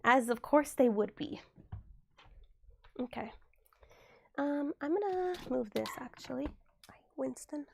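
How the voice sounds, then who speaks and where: A woman's voice: high voice, expressive, takes it slowly, creaky, pauses often, a little hiss or hum. A young woman recovering from illness, chatting casually on a livestream from a room at home, thanking viewers and muttering asides to herself as she tidies.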